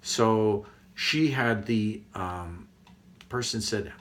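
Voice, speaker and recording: A man talking casually as a spiritual teacher, excitable and rambling, laughing often and using many fillers. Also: medium pitch, a little slow, vocal fry. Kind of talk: casual monologue to camera.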